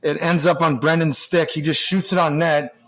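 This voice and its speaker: A middle-aged man, a former hockey player and podcast guest, telling profane locker-room stories in a lively, casual way full of restarts. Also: fairly high pitch, moderate pace. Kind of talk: casual storytelling chat.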